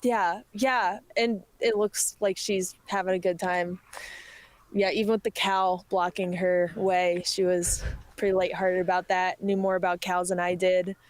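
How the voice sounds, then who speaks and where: A woman's voice: lowish voice, flat delivery, measured pace. A woman reporting live from an ultramarathon course, upbeat and laughing easily as she interviews crew.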